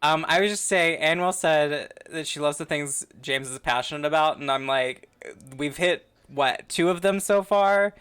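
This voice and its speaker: A man's voice: fairly high pitch, normal speed, a bit bright, clean tone. A man hosting a podcast, trading laughing, teasing banter with his co-host. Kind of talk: casual chat.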